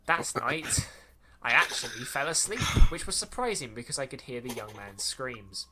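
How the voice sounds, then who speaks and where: Bright-voiced man mockingly reading aloud. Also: mid-range voice, animated, moderate pace, a little hiss or hum. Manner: stumbling over lines and rereading them mockingly. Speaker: podcast host reading a story aloud. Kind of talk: reading aloud with sarcastic asides.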